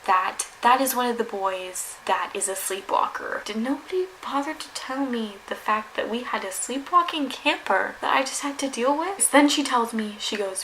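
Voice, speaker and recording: A woman's voice: mid-range voice, a little fast, hardly any pauses, a little hiss or hum, poor audio. A young woman vlogger dramatically retelling a story, peppered with "like". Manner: animated, dramatic retelling with frequent "like". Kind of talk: storytime narration.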